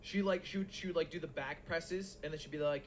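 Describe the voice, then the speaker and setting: A man telling a long anecdote in casual chat, animated and laughing as he goes. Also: fairly high pitch, brisk, a little hiss or hum. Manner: animated, laughing, with quoted voices. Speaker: podcast co-host.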